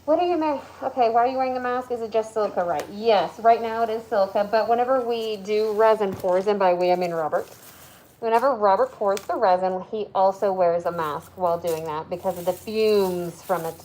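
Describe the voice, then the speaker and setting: A woman's voice: medium pitch, brisk, darkish tone, slight background noise, rough recording. Tennessee woman, stream host, chatty and offhand while working. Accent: Southern US, Tennessee. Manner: chatty, lots of "like" and asides. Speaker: live-stream host, flower preserver. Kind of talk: casual chat while working.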